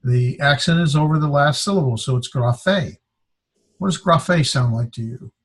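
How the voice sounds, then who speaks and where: A man teaching a classroom lesson, speaking haltingly and sounding words out syllable by syllable. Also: a little high, breathy edge. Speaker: Greek teacher.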